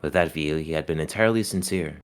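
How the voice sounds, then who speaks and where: A man narrating a visual novel aloud in a steady, measured way. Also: very deep voice, smooth.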